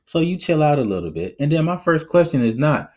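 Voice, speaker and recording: A man hosting a podcast, giving his opinions in a casual, animated way and often laughing as he talks. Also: fairly high pitch, brisk. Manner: conversational, reflective. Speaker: podcast host.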